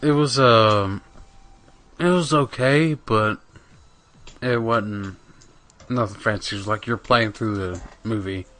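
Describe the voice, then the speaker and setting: A man's voice: fairly low pitch, slow pace, long pauses, a bit bright. A man casually chatting on a gaming podcast, rambling with lots of fillers and swearing. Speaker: podcast co-host.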